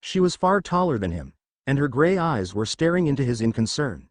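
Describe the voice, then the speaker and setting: A man reading fan fiction aloud in a lively, expressive storytelling voice. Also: mid-range voice, normal speed, no echo. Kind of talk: storytelling narration with character voices.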